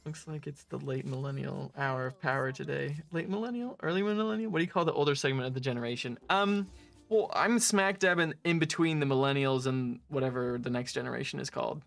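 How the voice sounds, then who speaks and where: A man's voice: mid-range voice, a little fast, vocal fry, soft background music. A young man from the West Coast of the United States in his twenties, casually chatting on a game livestream, laughing often and reading out chat messages. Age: 20s. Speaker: stream co-host.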